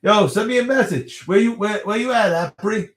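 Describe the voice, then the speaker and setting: Hosting a relaxed livestream, a man in his thirties from the New York area rambles and chats through viewer questions, laughing often. His voice sits high, moves at normal speed, and has a roomy sound.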